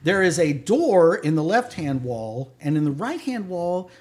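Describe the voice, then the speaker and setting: Male game master, high and animated, talks in halting descriptive bursts. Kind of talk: narrating a tabletop game.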